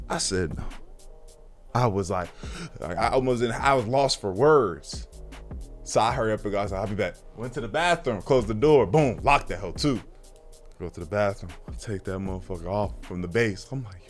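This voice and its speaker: A man telling a personal story in a casual storytime monologue, profane and slangy, animated, with sudden hushed drops. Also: mid-range voice.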